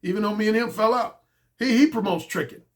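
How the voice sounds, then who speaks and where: A man's voice: high-pitched, a little fast. A man speaking as a dating coach in a blunt, casual monologue, emphatic and profane, often repeating his key points.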